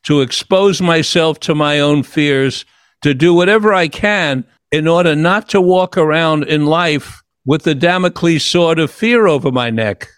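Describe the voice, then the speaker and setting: A man's voice: on the high side, a little slow, clear, resonant tone, no room sound, studio quality. An older man hosting an interview and telling a personal story in an earnest, reflective way, often restarting his sentences. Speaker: host.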